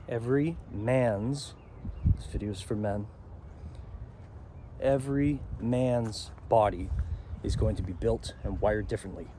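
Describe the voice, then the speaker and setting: Male self-help vlogger, mellow dark voice, rambling outdoor talk, faint background hiss. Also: medium pitch. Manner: rambling, asks "okay?" often. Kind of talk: walking outdoor vlog monologue. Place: outdoors beside a pond.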